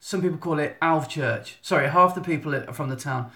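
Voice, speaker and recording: Guy in his thirties, casual live-stream host, slightly high voice, roomy phone sound. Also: fast talker, bright, forceful tone. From England. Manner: chatty, rambling, self-interrupting. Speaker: photographer giving a monthly live update. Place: indoor room at home. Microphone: phone at arm's length. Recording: echoey room on phone.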